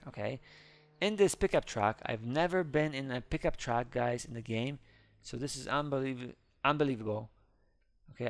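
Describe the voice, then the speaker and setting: Excitable gravelly man narrating gameplay. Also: medium pitch, no echo. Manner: excitable, narrates his own actions, squeals when scared. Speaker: gaming video host. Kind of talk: live gameplay commentary.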